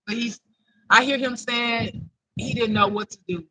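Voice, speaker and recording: A man's voice: extremely high pitch, fairly even intonation, unhurried, sharp tone, no echo, poor audio. A man giving an improvised spiritual reading to viewers, emotional and close to tears, repeating himself in a chatty way. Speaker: intuitive spiritual reader.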